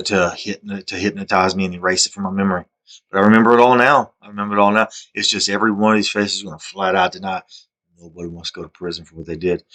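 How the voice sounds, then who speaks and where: A man's voice: deep voice, bright, forceful tone. A man delivering a rambling, repetitive and aggrieved personal monologue, sometimes dropping to a mutter. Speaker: video monologuist.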